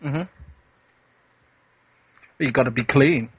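A man's voice: medium pitch, slow, husky, no echo. A man in casual chat, tossing in wry, teasing quips. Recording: dull lo-fi recording.

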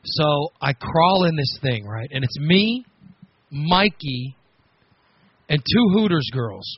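A man hosting a radio show, telling a story on air in a casual, animated, self-mocking way with frequent laughs. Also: on the high side, slow, breathy edge, lo-fi sound. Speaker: radio host.

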